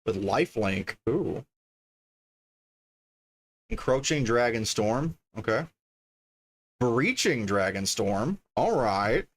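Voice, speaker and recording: A man's voice: mid-range voice, very animated, slow, pauses often. A man casually chatting on a livestream as he opens card packs, reading card names aloud and easily delighted by the art. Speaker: streamer opening card packs.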